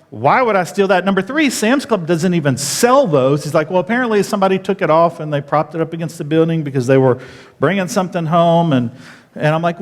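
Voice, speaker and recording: Animated high-voiced pastor, churchy reverb. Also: male voice. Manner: animated, jumps high when retelling his outrage. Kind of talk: sermon storytelling. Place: church auditorium.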